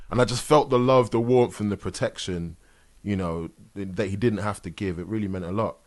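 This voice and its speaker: A man hosting a casual interview, talking in a soft, reflective way that often drops to a murmur. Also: on the low side, a little fast. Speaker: host. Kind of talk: casual video-call interview.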